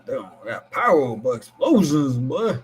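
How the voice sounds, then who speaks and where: A man's voice: medium pitch, big pitch swings, a little slow, breathy edge. A man co-hosting a wrestling live stream in casual chat, exclaiming and ending lines with a drawled "boy".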